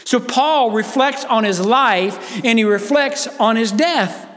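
A man's voice: very high voice, slow pace, a bit bright, in a large hall. A man preaching a sermon as pastor, earnest and emphatic, appealing directly to his listeners.

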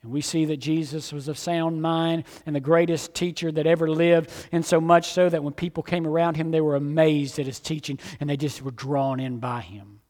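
A man preaching a sermon, swinging between emphatic outbursts and hushed, low passages. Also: flat delivery, moderate pace, hardly any pauses, long reverb tail.

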